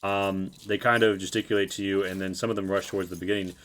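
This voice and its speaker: A man's voice: low-pitched, level tone, fast, fairly bright tone. A man narrating as game master of a tabletop game, rambling loosely with many fillers.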